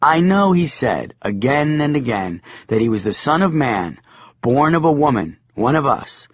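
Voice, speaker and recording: A man reading a comic first-person novel aloud, with wry, deadpan storytelling. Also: mid-range voice, breathy edge, no room sound. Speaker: audiobook narrator. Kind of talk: scripted comic narration. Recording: dull, lo-fi audiobook sound.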